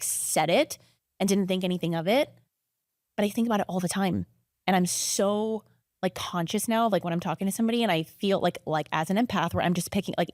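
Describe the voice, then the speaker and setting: A young adult woman, a podcast guest in casual conversation, talking quickly and filling her sentences with "like" and "you know what I mean.". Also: medium pitch, a little mellow, no room sound, studio quality.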